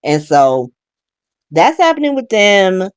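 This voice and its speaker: A woman hosting a casual soap opera recap, talking in an animated, profane way with laughing asides. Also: medium pitch, takes it slowly, smooth, dry recording, studio quality.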